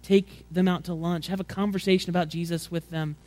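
A man preaching a sermon in a conversational way, often repeating words as he restarts, and acting out quotes in a louder, higher voice. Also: level tone, fairly quick. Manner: conversational preaching, acts out quotes with rising pitch and volume. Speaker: pastor.

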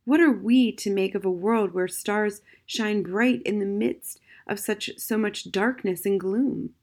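A woman's voice: medium pitch, unhurried, darkish tone. A woman voicing a lonely, desperate male magician locked in a prison cell, talking in a bitter, theatrical way. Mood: wistful.

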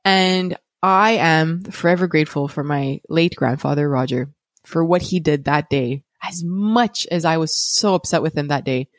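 Woman, podcast host, personal storytelling, conversational, candid, lowish pitch, dry sound. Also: moderate pace, dry recording. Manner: candid and conversational, with frequent restarts and light laughs.

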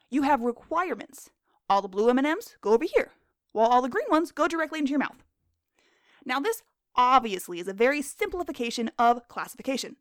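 Lively high-voiced woman, jokey podcast host. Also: no room sound, studio quality. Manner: jokey, self-deprecating, quizzes herself in a game-show bit. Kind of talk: playful scripted animal-facts narration.

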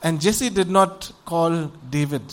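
A man with a fairly high voice speaks at a slow pace while preaching a sermon. He retells a Bible story conversationally, often throwing rhetorical questions to his listeners and animating the tale with acted-out voices.

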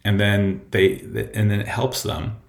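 A man's voice: fairly low pitch, little pitch movement, measured pace, echoey room. A man hosting a podcast from home, talking casually and rambling with lots of fillers and restarts. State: a bit out of breath. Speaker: podcast host. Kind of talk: casual solo podcast talk. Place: home room.

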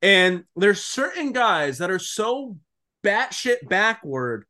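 A young man with a high voice talking in loose podcast chat. He is animated and swears freely, and "dude" and "like" fill his sentences. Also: takes it slowly. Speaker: podcast co-host.

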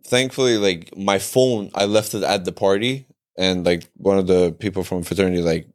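A young man with a very low, deep voice tells a personal story in casual podcast chat. He rambles, leans on "like" between phrases and swears freely. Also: moderate pace. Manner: rambling, heavy on "like" fillers and swearing. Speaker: podcast co-host.

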